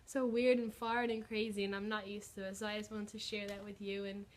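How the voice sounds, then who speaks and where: A woman's voice: mid-range voice, little pitch movement, brisk. A young woman, chatting in a bubbly, filler-heavy way as she shares a personal faith story on her vlog. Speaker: vlogger. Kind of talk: casual testimony vlog.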